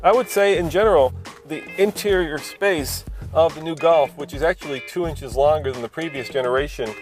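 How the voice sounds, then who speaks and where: A man's voice: a little high, brisk, over music. A man hosting a casual car review from inside a car, talking in an upbeat, joking way. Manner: jokey, upbeat. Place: inside a car on city streets.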